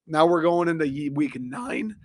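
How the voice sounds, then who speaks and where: A young man from Michigan, hoarse and a little raspy, ranting profanely and excitably as he hosts a casual sports talk show. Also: on the high side, normal speed. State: hoarse after a concert. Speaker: sports podcast host.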